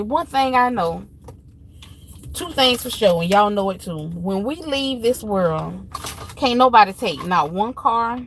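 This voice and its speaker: A woman hosts a live stream, speaking casually and earnestly to viewers as she shares family stories in a heartfelt, preachy way shaped by Southern Black church phrasing. Her voice is medium-pitched and a bit bright, with a little hiss or hum.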